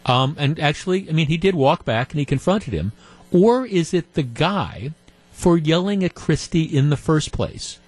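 A man's voice: on the high side, animated, moderate pace, darkish tone, no room sound. A man hosting a call-in radio talk show, retelling a story in a conversational way. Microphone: studio microphone.

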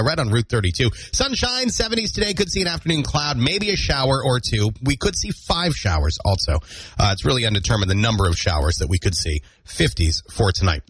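Male morning radio host, playful and joking, higher pitch, husky tone. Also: a bit bright, no room sound, low-quality recording. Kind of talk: casual radio banter. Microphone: studio microphone.

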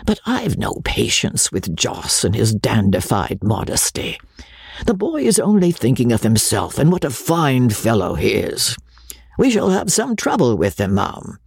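A man voicing a jovial, teasing older gentleman who mocks his son, in a breathy, lifted voice. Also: mid-range voice, huge pitch swings, measured pace, no room sound, studio quality, exaggerated voice. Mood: wry. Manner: mocking, bantering.

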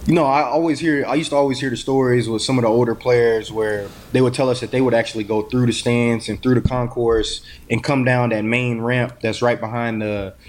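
A man's voice: mid-range voice, steady tone, a little fast, few pauses. A man, a former player appearing as a guest on a casual sports talk show, speaking in a laid-back, hesitant way.

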